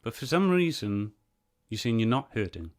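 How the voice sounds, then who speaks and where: A man's voice: mid-range voice, very animated, moderate pace. A man reviewing a video clip, arguing back at it in an earnest, heated way. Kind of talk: reaction commentary on a clip.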